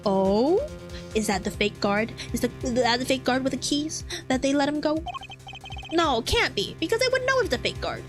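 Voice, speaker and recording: Young woman streamer reacting to a game, high voice that swings all over, giggly and chatty, game music underneath. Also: very animated, normal speed. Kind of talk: casual gameplay commentary, reading dialogue aloud.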